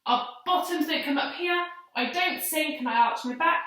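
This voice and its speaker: A young woman, a primary school PE teacher, speaks at a moderate pace in a high-sitting voice that sounds pushed and bright. She leads children through home exercises, counting aloud and giving encouraging step-by-step directions, slightly out of breath from taking part. The audio is captured from afar in a very echoey hall.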